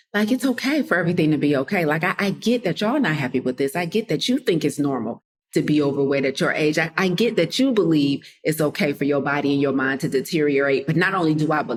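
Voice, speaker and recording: A woman hosting a casual motivational podcast, talking straight to her listeners and acting out what people said. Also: deep voice. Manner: conversational, addresses listeners as y'all, drops into quoted voices. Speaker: podcast host and coach.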